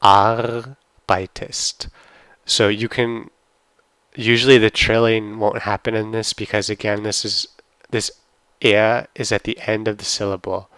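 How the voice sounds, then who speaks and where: A man's voice: on the low side, little pitch movement, a bit bright, smooth, dry recording. A man giving a casual language lesson, carefully sounding out words one at a time. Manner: slow, careful pronunciation of words. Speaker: German language teacher. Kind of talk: casual screen-recorded lesson.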